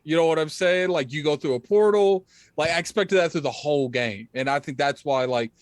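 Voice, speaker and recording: A man's voice: fairly high pitch, dry recording, studio quality. A man co-hosting a gaming podcast in casual chat, loose and filler-heavy. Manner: quick, loose, many fillers. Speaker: podcast co-host.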